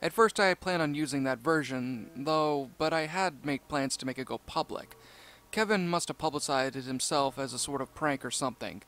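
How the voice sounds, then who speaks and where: A man reading a creepypasta story aloud in a steady, measured narration. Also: mid-range voice.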